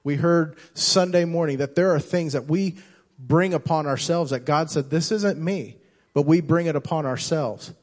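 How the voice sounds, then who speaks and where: The man leading this sermon is a pastor whose voice sits fairly high. Impassioned, he circles back to repeat and restart phrases, alternating between loud and soft delivery.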